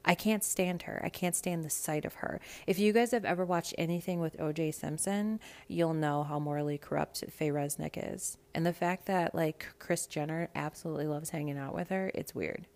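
A young woman hosting a casual reality TV recap, blunt, profane and animated. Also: low-pitched, moderate pace, hardly any pauses. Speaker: podcast host.

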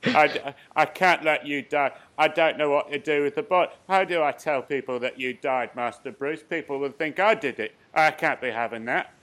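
A man putting on an anxious elderly butler, fussy pleading, a bit higher than his own voice, fairly loud. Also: moderate pace, few pauses, lightly acted.

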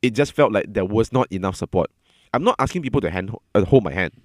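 A man with a fairly low voice talks openly and earnestly in a casual conversation. He stumbles and repeats words as he works through what he wants to say. The sound is dry, with almost no room echo. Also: expressive, a little mellow. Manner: earnest, halting, repeats words when upset. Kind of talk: casual candid chat.

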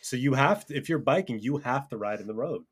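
A man's voice: mid-range voice, expressive, brisk, slightly rough. Profane, argumentative young-sounding podcast man. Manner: profane, argumentative, laughs often. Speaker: podcast co-host. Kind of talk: casual heated banter.

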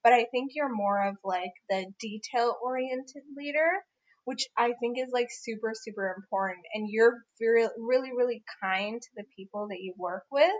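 A young woman co-hosting a casual podcast, chatting warmly about a friend, rambling with many fillers and restarts. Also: a little high, moderate pace, dull audio. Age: young adult. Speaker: podcast co-host. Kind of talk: casual chat among friends.

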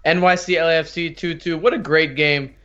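Rambling co-host, dull lo-fi sound. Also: male voice, fairly high pitch, fairly even intonation, brisk, a bit bright. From United States. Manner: rambling, repeats words, laughs while talking. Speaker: podcast co-host. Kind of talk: casual podcast chat.

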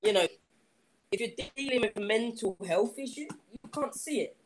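A man's voice: very high-pitched, normal speed, a crowd in the background, rough recording. A man talking candidly as a guest in a casual podcast interview, rambling with frequent "you know"s. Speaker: guest, professional fighter.

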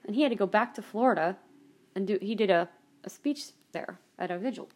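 A woman's voice: medium pitch, brisk, darkish tone. A woman hosting a personal monologue podcast, ranting angrily and swearing heavily, with many restarts and trailing asides. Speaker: podcast host.

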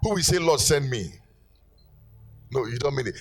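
A man's voice: mid-range voice, lively intonation, moderate pace, creaky. A middle-aged man preaching a sermon as pastor, telling stories with energy and calling out to his congregation in rising, sing-song exhortations. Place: church.

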